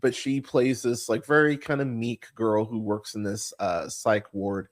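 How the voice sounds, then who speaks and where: A man's voice: lowish voice, steady tone, measured pace. A man hosting a casual film podcast, blunt and profane, rambling with lots of fillers. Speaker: podcast host.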